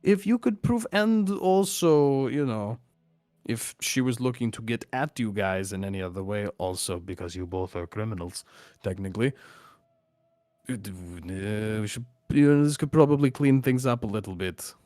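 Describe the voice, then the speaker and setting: A man's voice: fairly low pitch, moderate pace, darkish tone, no echo. A man chatting casually as a player in a tabletop game, loose and rambling with many fillers.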